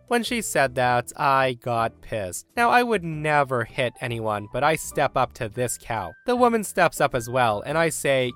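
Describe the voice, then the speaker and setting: A man narrating a Reddit story in a brisk, steady storytelling manner. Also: mid-range voice, faint music behind. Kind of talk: reading a Reddit story aloud.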